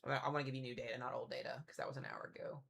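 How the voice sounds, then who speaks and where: A man's voice: medium pitch, flat delivery, racing, vocal fry, a bit bright, breathy edge. A man hosting a casual weather livestream, chatting and thinking aloud as he waits for new forecast data to load. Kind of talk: casual live-stream weather commentary.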